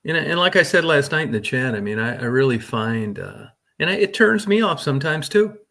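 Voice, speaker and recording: A man's voice: mid-range voice, big pitch swings, brisk, vocal fry, pushed and bright. A middle-aged man hosting a casual livestream, rambling crudely with lots of swearing and talking to chat viewers by name. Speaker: livestream host.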